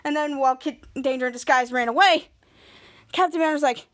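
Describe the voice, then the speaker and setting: Woman, high voice, casual podcast recap, retells scenes quoting each character. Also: brisk, a bit bright. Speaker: podcast host.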